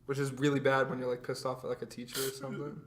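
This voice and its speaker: A man's voice: mid-range voice, level tone, very fast, slight background noise. A teenage young man co-hosting a casual chat, telling rambling, profane stories full of "like.". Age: teens. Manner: rambling, profane storytelling with many "like"s. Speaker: co-host.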